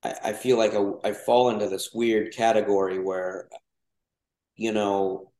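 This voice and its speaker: A man from Mexico, with a lowish, mellow voice and fairly even intonation, chats unhurriedly as a podcast guest. He wanders through his thoughts with many restarts and fillers, and the recording has a roomy echo.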